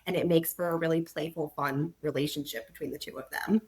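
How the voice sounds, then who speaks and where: A woman author being interviewed on a podcast, telling anecdotes in an animated way and laughing as she talks. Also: deep voice, a little fast, breathy edge. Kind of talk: conversational interview.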